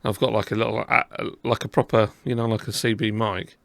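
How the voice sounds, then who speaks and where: A man's voice: lowish voice, steady tone, fairly quick, gravelly, no room sound. A man with a southern English accent hosting a casual podcast chat, talking in a rambling, self-deprecating way. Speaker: podcast host.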